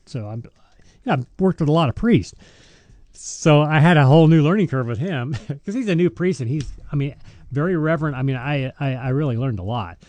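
A man's voice: medium pitch, dark tone, no echo. A man, a deacon, chatting casually about scripture and parish life, telling stories and laughing often. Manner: storytelling, laughs often, restarts sentences. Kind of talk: casual faith podcast chat.

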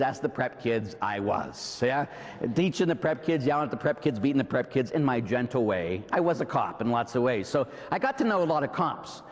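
A middle-aged man with a Pittsburgh accent, a priest preaching a sermon in a church, animated, with rhetorical questions and asides to the congregation. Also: medium pitch. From Pittsburgh, USA. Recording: long reverb in a large hall.

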